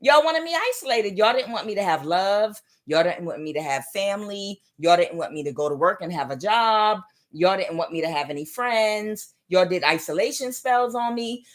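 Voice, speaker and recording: A woman giving a casual spiritual tarot reading, talking emphatically and repetitively straight to her audience, with chuckling asides. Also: medium pitch. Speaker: tarot reader.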